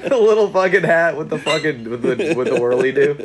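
A man's voice: a little high, lively intonation, a little fast, a crowd in the background. A man co-hosting a podcast, swearing freely and joking crudely through casual banter. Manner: profane, joking, laughs a lot. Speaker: podcast co-host. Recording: noisy background.

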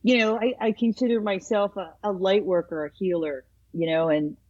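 A woman in her fifties chatting casually as a podcast guest, earnest and animated as she talks about healing and faith. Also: medium pitch, normal speed, muffled recording. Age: 50s. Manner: earnest, animated, speaks of being a healer. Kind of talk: casual chat.

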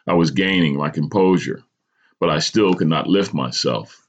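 Deep husky man telling his story. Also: normal speed, dull audio. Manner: dramatic storytelling with small stumbles. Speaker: podcast host. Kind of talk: reading a personal story aloud.

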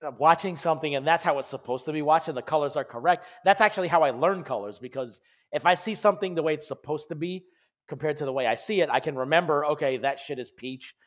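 A man's voice: fairly high pitch, quick pace. Laughing, foul-mouthed man telling stories. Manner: laid-back storyteller, swears freely, laughs often. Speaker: co-host. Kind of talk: casual podcast chat.

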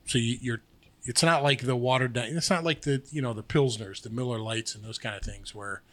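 A man's voice: medium pitch, a little fast, a bit bright. A man co-hosting a podcast in rambling, sarcastic casual chat. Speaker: podcast co-host.

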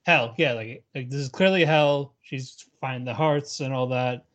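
A man's voice: medium pitch, moderate pace, fairly bright tone. Rambling man co-hosting a podcast. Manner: rambling, laughs between lines, acts out characters' lines. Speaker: podcast co-host. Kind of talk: casual chat recapping an anime episode.

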